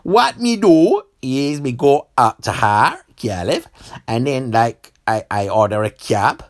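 A man's voice: mid-range voice, big pitch swings, takes it slowly. A man voicing a laid-back man in a comedy sketch, who speaks in broken patois and announces himself.

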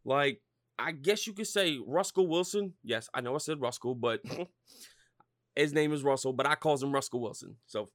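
Brief: foul-mouthed male podcast host, bright tense tone, dry close sound, rambling fired-up rant. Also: mid-range voice, normal speed, dry recording. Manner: loud, swearing, rambling and fired-up. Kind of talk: profane sports rant.

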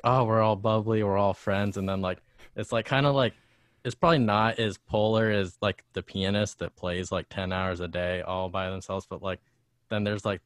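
A young American man with a fairly low voice talks in a loose, rambling way, dropping fillers as he goes. His tone is upbeat and friendly, and the recording is dry and close. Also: clean tone, no room sound. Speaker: host, guitarist. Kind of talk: casual chat.

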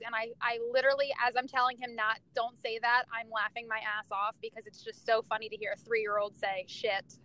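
High, bright-voiced young woman chatting. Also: poor audio. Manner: laughing, candid, profane storytelling. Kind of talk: casual chat.

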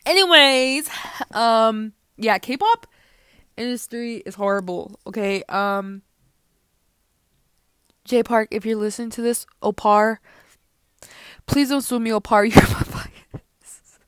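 A woman's voice: on the high side, slow, pauses often, fairly bright tone, smooth, dry recording. Young woman ranting casually into a dry mic. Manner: rambling, joking, drops into whispers for asides. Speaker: podcast host. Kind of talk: casual rant.

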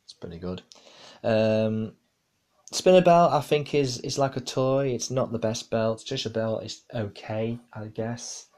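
A man's voice: medium pitch, unhurried, a little mellow. A man hosting a casual podcast, rambling with many fillers and restarts. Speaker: podcast host. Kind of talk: casual wrestling review podcast.

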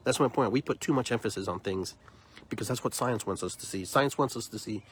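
A man's voice: medium pitch, a little fast, a little hiss or hum. A man hosting a podcast, delivering an emphatic, opinionated monologue and often repeating words as he builds his point. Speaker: podcast host.

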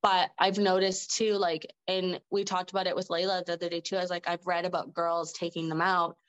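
A woman's voice: fairly low pitch, flat delivery, fairly quick, smooth, lo-fi sound. A woman guest on a podcast telling stories casually, laughing often and filling her speech with "like". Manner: chatty, laughs often, heavy use of "like". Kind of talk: casual conversational storytelling.

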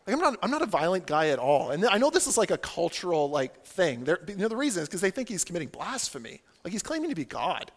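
A man preaching a sermon in a casual, animated way, peppering his talk with "like" and acting out the voices of the people he quotes. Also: high voice, fairly quick, big-room sound. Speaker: pastor.

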